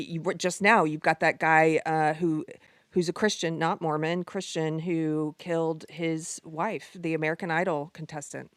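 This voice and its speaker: A woman's voice: sits low, no room sound. A woman guest on a political panel show, talking in long runs full of fillers and lists. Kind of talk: casual political panel chat.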